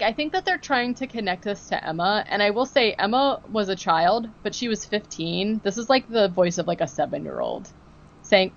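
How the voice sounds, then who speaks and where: On a muffled recording, a woman with a medium-pitched voice speaks at a normal speed. As a podcast co-host in casual chat, she animatedly recaps a TV episode, acting out the quotes and filling her talk with lots of "like" and "um."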